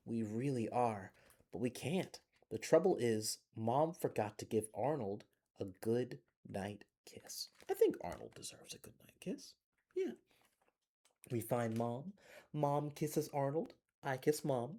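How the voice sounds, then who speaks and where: Captured on a phone in a closed library, a man reads a bedtime picture book to children in a gentle, playful way. His medium-pitched voice has lively intonation and moves a little slowly.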